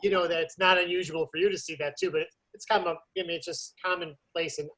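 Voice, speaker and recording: A man hosting a casual interview, relaxed and laughing along with his guest. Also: high-pitched, quick pace, rough recording. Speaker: host. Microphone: video call.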